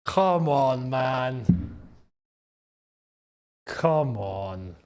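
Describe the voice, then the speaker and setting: A young man hosting a live football watchalong, reacting to the match, shouting at big chances, groaning at misses and thanking viewers in the chat. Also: mid-range voice, expressive, very slow. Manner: chatty, reads out and thanks chat members.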